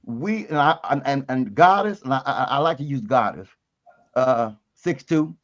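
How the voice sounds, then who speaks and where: A man's voice: medium pitch, lively intonation, moderate pace. A man joins a panel discussion as a guest, a little out of breath, sounding folksy and preachy as he makes his point. His voice comes through a dull, lo-fi connection. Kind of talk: casual panel talk.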